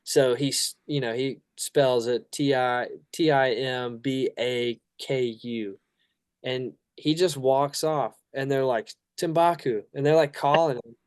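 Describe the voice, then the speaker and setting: A man, a band member guest on a podcast, telling a story in a relaxed, amused way. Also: medium pitch, slow, clear, resonant tone, no room sound. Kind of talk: casual storytelling.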